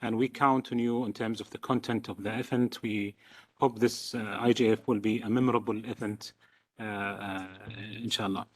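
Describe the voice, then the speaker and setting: A man from Saudi Arabia with a Saudi accent, a native Arabic speaker, giving a formal statement as the host country's representative, halting, with many fillers and repeated words. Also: on the low side, steady tone.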